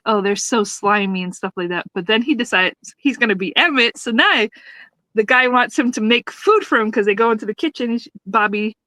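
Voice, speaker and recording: A woman's voice: mid-range voice, sharp tone, dry recording, low-quality recording. A woman co-hosting a podcast, retelling sitcom scenes in casual chat, laughing often and acting out the characters' lines. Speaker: podcast co-host.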